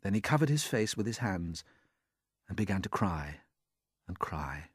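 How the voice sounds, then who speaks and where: A man narrating a children's storybook in an expressive, unhurried way. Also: on the low side, slightly rough, no echo, clean studio sound. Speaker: audiobook narrator.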